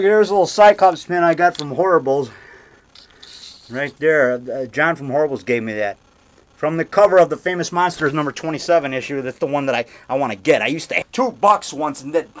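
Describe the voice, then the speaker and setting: A middle-aged man with a voice pitched a little high for a man talks eagerly through a tour of his basement. He hops from one item to the next in a loose, rambling show-and-tell, picked up by a handheld camera mic. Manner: eager, chatty, jumps from item to item. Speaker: monster movie-maker giving a home tour. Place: home basement.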